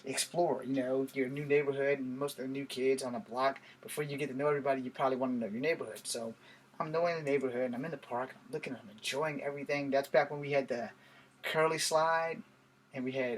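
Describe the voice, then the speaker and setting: A man's voice: medium pitch, brisk, slight background noise. A middle-aged man vlogging, telling a story in a casual, blunt and profane way. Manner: blunt, profane, animated retelling of a fight.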